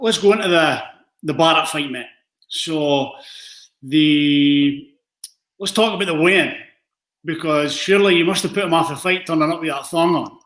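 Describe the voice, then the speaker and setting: A man's voice: fairly high pitch, fairly bright tone, roomy sound, poor audio. A man hosting a casual live interview from home, calling his guest mate. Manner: friendly, calls guest mate. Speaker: host. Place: home room.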